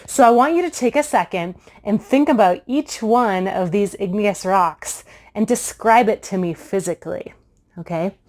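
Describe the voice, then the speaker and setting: A young woman hosts a science lesson for children in a bubbly, chatty way. She sounds playful and easygoing, with a voice of ordinary middle pitch. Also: darkish tone. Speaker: science show host.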